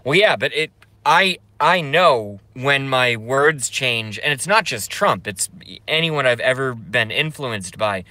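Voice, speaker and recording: Bright-voiced, profane male streamer. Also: medium pitch, expressive, dry recording. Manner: rambling and profane, laughs often; self-interrupting, drawn-out filler sounds. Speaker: live streamer. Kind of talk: casual live-stream chat, reading chat aloud.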